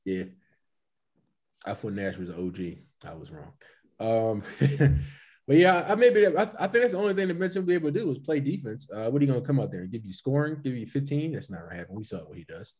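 Man, podcast co-host, mid-pitched, teasing and laugh-prone, casual banter. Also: very animated, fairly quick, a little mellow, breathy edge. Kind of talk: casual sports chat. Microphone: podcast mic.

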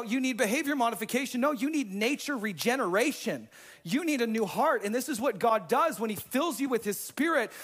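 A man preaching a sermon as pastor, talking casually with slang and swinging between hushed, intimate moments and fired-up emphasis. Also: very high voice.

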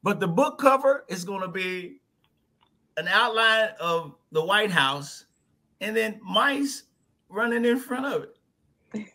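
A man guesting on a podcast, telling his story in a lively, folksy way and slipping into little voices. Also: high-pitched, takes it slowly, pauses often. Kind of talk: animated storytelling in conversation.

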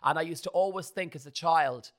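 A young man hosting a casual chat, teasing and animated as he tells stories. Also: fairly high pitch, a little fast. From Ireland. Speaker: podcast host.

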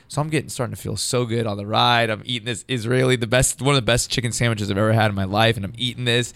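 A man's voice: lowish voice, fairly even intonation, rapid-fire, vocal fry, few pauses, a bit bright. A man, a stand-up comedian, telling a long rambling story in casual chat, swearing and saying "dude" constantly. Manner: rambling, profane, says dude a lot. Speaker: podcast guest, stand-up comedian.

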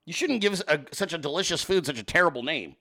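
Sarcastic, lively-voiced man swearing freely. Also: a little high, quick pace. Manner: profane, sarcastic, riffing at the audience. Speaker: livestream host. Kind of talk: casual livestream chat reacting to viewer pictures.

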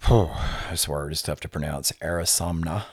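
A middle-aged man, a podcast guest, explaining things in an unhurried, lecturing way with many filler words. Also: rumbling low, breathy edge, no echo, studio quality. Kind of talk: conversational explaining.

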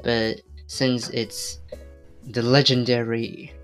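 A man's voice: mid-range voice, level tone, slow, faint music behind. A teenage boy co-hosting a casual podcast, making teasing, dry remarks. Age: teens. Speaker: podcast co-host. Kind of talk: casual chat.

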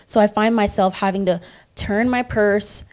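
A woman's voice: medium pitch, steady tone, moderate pace, a little mellow. A woman in a casual discussion, telling her story with animation and acting out the voices of the people in it.

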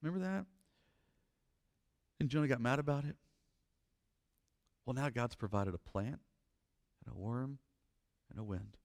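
A pastor preaching a sermon, reading scripture and commenting on it, moving between loud emphatic passages and quiet reflective stretches. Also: male voice, mid-range voice, measured pace, creaky, long pauses.

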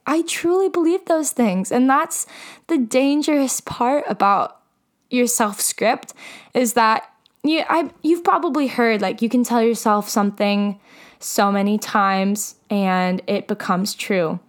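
A woman's voice: a little high, takes it slowly. A young woman in her late teens speaking candidly and earnestly about her own struggles, with frequent "like" fillers. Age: young adult. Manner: candid and heartfelt, many fillers like "like". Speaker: mental health vlogger. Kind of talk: earnest personal talk to camera.

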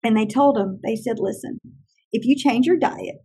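A woman who trains teachers, telling animated stories in an interview and acting out other people's lines. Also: a little high, normal speed, slightly rough. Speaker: teacher trainer and classroom consultant. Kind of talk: conversational interview storytelling.

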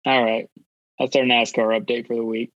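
A man of medium pitch telling a casual story on a podcast. He rambles and stops to search for names. His audio is dull and lo-fi. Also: level tone, normal speed, no room sound. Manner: rambling, loses words. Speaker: podcast co-host.

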